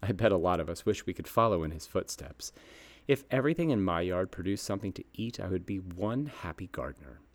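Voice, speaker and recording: A low-voiced man in his fifties reads a scripted garden column. He tells it in a folksy, upbeat way, and his pitch swings widely as he goes. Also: animated, fairly quick. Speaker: garden nursery host. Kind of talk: scripted read-aloud column.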